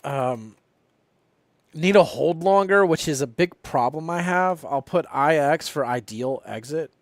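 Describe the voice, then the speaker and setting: A man's voice: fairly high pitch, animated, a little slow, no echo, studio quality. A young man live streaming about trading, talking casually and rambling with lots of swearing and fillers. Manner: profane, rambling, frequent fillers.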